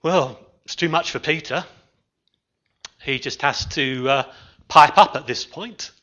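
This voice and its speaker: A man preaching a sermon as a minister, expressive, with dramatic pauses and phrases that fall soft at the end. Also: a little high, dull audio.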